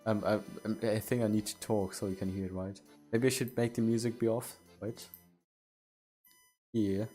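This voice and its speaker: A man talks to his live-stream viewers in a slightly low voice. His speech is casual and halting, and he often repeats words as he checks in with the chat. He keeps putting questions to them. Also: level tone, dark tone, faint music behind. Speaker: game streamer.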